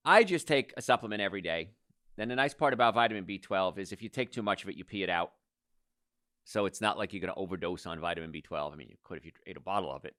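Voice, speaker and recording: A man's voice: fairly low pitch, fairly bright tone, no room sound, studio quality. A middle-aged man hosting a health talk, giving an informal, emphatic lecture to an audience and repeating his key advice.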